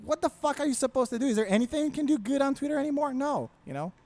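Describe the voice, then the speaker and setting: A man's voice: very high voice, very fast. A man on a podcast, ranting casually with a lot of swearing. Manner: profane, ranting, animated.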